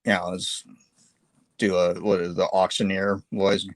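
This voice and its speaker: A man's voice: deep voice, flat delivery, unhurried, slight background noise. A man hosting a live painting stream, chatting casually while he sketches, with lots of fillers and self-deprecating asides.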